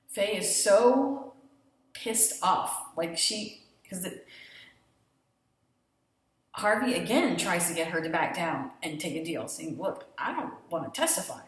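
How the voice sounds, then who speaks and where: Lady retelling a tv episode, blunt and sweary, super echoey room, mic kinda far off. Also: on the low side. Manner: animated retelling, profane and blunt. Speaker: TV show reviewer. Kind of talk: casual episode recap.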